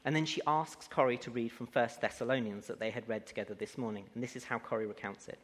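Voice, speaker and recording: A man's voice: mid-range voice, steady tone, fast talker, few pauses. A man preaching a sermon who builds to emphatic, rising declarations. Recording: long hall reverb.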